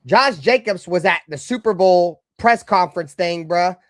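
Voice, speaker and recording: Fan-show co-host, man, high voice, profane rants that swing loud to muttered. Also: moderate pace, no echo, clean studio sound. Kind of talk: heated live-stream sports talk.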